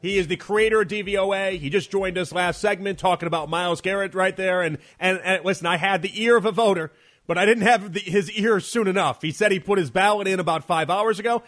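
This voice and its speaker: A man's voice: sits high, fairly quick, a bit bright, faint music behind. A man hosting a sports radio show, delivering an emphatic, argumentative monologue and repeating phrases for effect. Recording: radio broadcast.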